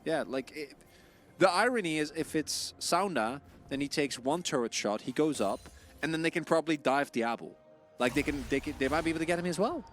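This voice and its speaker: A man's voice: fairly high pitch, expressive. A man giving casual, analytical color commentary on an esports match, with game music underneath. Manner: analytical, casual, quick to explain. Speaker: esports caster.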